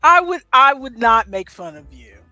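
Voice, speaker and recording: A woman's voice: high voice, animated, moderate pace, sharp tone, no echo, soft background music. A middle-aged woman co-hosting a casual chat, telling a story with chatty asides. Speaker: co-host.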